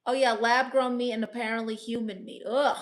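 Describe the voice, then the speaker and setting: A woman comedian plays a brash aunt on a casual live stream, reading viewer comments and dishing out blunt, teasing, playfully sassy advice. Her voice is a little high and a little fast, with fairly even intonation.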